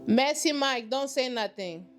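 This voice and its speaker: A woman's voice: sits high, expressive, unhurried, soft background music. A woman hosting a reaction channel, giving sassy, emphatic commentary in casual slang.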